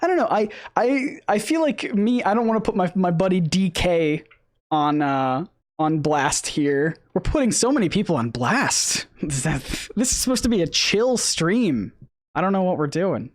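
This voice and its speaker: A man's voice: sits high, very animated, measured pace. Rambling man hosting a chill stream. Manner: rambling, many restarts and fillers. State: losing his voice. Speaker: host. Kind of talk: casual stream chat.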